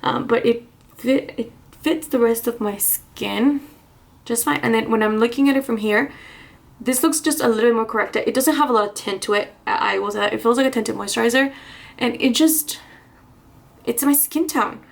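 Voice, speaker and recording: A slightly high, gravelly voice at a moderate pace carries this beauty vlogger's get-ready-with-me makeup chat. She's a little out of breath, rambling casually with restarts and little laughs.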